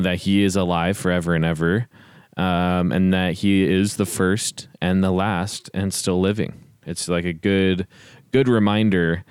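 A man in a relaxed Bible discussion, easygoing and filler-heavy, chuckling as he talks. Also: low voice, clear, resonant tone, dry recording, clean studio sound. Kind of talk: casual Bible study discussion.

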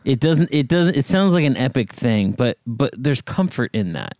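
A man's voice: mid-range voice, sing-song, moderate pace, a little mellow, dry recording. A man talking through a Bible passage in casual discussion, explaining things and often checking in with "right?". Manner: conversational, explains with rhetorical "right?".

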